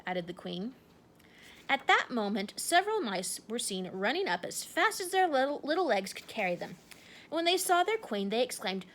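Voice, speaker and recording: Woman narrator, lively storybook reading, very animated pitch. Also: moderate pace. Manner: expressive, animated. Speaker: storybook reader. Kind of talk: reading a children's book aloud.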